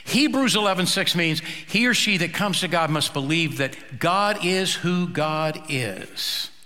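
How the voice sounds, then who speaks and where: Slow, bright-voiced preaching man. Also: sits high, in a large hall. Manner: slow, emphatic preaching with dramatic pauses. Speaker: pastor. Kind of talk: sermon.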